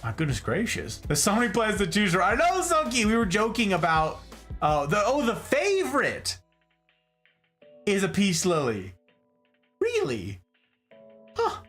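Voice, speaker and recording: A man hosts a relaxed livestream from an indoor room full of plants, and his voice swings widely up and down as he chats. He talks in an animated, chatty way and reads viewer comments aloud. Faint music plays behind him. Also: sits high, a little slow, long pauses. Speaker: livestream host. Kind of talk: casual livestream chat.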